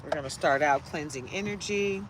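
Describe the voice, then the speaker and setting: A woman from Detroit hosting a casual live stream, animated and chatty, greeting viewers by name and laughing often, recorded at home on a phone or webcam. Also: low-pitched, moderate pace, very noisy. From Detroit, USA. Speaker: live-stream host giving a reading.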